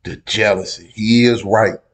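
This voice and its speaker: A man hosting a reaction video, giving casual, profane commentary on a debate clip and swinging between loud outbursts and low asides. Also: fairly even intonation, moderate pace.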